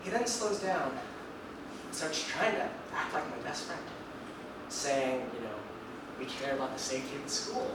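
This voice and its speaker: A young man performing a one-man stage story, animated and acting out each scene. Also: mid-range voice, a little slow, pauses often. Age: young adult. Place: theater stage before an audience. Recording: echoey live theater, distant mic, noisy.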